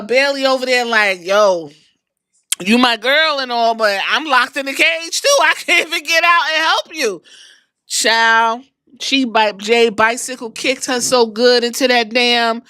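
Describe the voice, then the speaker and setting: A bright, forceful woman's voice, a little higher than most, telling a wrestling story with lots of swearing and slang. She talks like she's chatting with friends, acting out every moment. The sound is dry and close, with no room around it. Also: clear, resonant tone, dry recording. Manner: animated, profane storytelling with slang. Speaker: podcast host. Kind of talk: casual wrestling recap.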